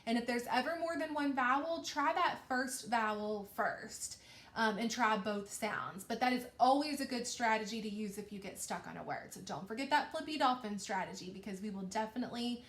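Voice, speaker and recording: A woman teacher giving a recorded reading lesson to young children, talking slowly and encouragingly. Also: fairly high pitch, a bit bright. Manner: slow, patient, encouraging teacher talk. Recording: echoey room.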